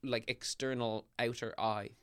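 Young irish man, actor guest, rambling animated storyteller, dry close mic. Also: medium pitch, a little slow, clean tone, no echo. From Ireland. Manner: rambling, animated storytelling with many fillers and restarts. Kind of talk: casual podcast chat.

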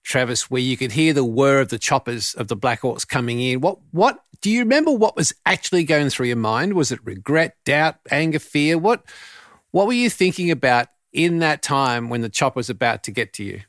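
A male podcast host whose pitch rises and falls a lot as he works his way through long, earnest questions. The sound is dry and close, with no room around it. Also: very animated, normal speed, a bit bright, no room sound. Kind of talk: interview questions.

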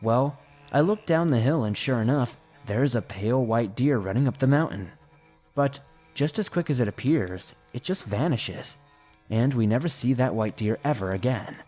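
A man narrates scary stories sent in by listeners, his voice dark and mellow. He slows right down and goes quiet at the eerie moments. Faint music plays underneath. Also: medium pitch, lively intonation. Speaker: horror story narrator.

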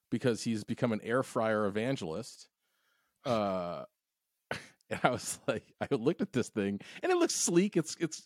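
A man's voice: mid-range voice, dry recording, studio quality. A man co-hosting a podcast in casual chat, easygoing and laughing often. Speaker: podcast co-host.

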